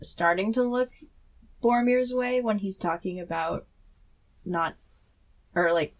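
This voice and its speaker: A woman's voice: medium pitch, unhurried. A woman guesting on a podcast, chatting casually and laughing often. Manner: giggly, playful. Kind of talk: casual chat.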